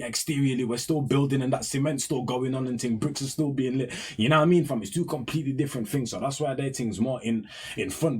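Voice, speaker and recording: A young man with a husky, mid-range voice hosts a music reaction video, talking casually in heavy slang. He keeps checking in with the listener by asking "you know what I mean."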